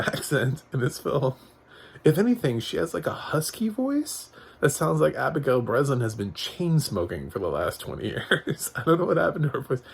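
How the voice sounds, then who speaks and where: A man's voice: medium pitch, creaky, slightly rough. A man giving a casual spoken movie review, rambling with frequent chuckles, fillers and restarts. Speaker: film reviewer.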